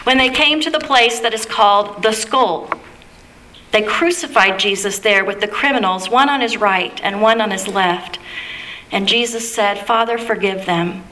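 A woman giving a measured, reverent liturgical reading of a scripture passage. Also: mid-range voice, pushed and bright, a little hiss or hum. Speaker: scripture reader.

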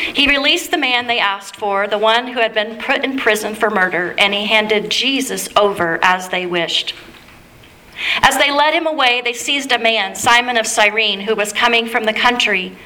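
A woman giving a measured, reverent liturgical reading of a scripture passage. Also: mid-range voice, pushed and bright. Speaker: scripture reader.

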